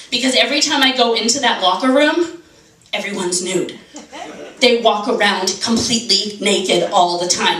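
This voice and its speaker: A woman's voice: fairly high pitch, bright, forceful tone. A woman in her forties doing a stand-up comedy set, brash and swearing, with mock-outraged rants. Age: 40s. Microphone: handheld camera from the audience. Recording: roomy club sound from a distant camera. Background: audience laughter.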